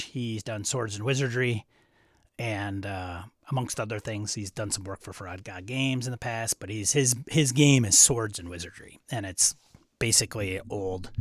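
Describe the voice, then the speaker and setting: A man's voice: on the low side, no room sound, studio quality. Chatty man with a Wisconsin accent. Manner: chatty, answering viewer chat aloud. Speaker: host. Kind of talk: casual livestream chat.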